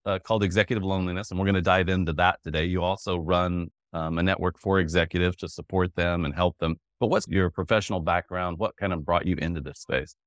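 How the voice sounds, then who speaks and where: A man in his fifties with a very low voice hosts a podcast conversation. He talks in a jovial, loose way, restarting sentences and laughing often, recorded close and dry. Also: fairly even intonation, fast talker, hardly any pauses, dry recording. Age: 50s. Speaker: podcast host. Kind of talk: conversational interview.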